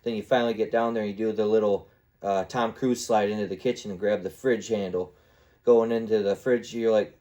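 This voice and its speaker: A man with a lowish voice hosts a solo podcast. He rambles easily from story to story and drops into playful little voices and sound effects along the way. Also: fairly even intonation, brisk, warm tone, lo-fi sound. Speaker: podcast host. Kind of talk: casual solo podcast monologue.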